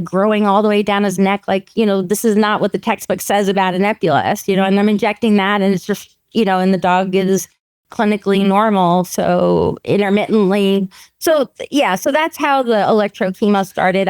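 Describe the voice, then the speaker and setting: A woman's voice: medium pitch, clean tone, no room sound. A middle-aged woman, a veterinary oncologist telling stories in a podcast interview, laughing often and acting out dialogue. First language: French. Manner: animated storytelling, laughs often, acts out quoted dialogue.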